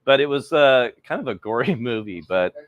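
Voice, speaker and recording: A man's voice: medium pitch, animated, moderate pace, muffled recording. A middle-aged man hosting a live cooking stream, rambling casually and greeting viewers by name, a little cold.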